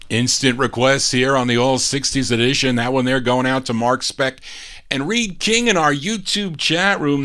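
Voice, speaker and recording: A man's voice: medium pitch, a bit bright. Chatty man hosting a record show. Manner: chatty, musing aloud over record details. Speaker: radio-style show host and DJ. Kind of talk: casual live record-show patter.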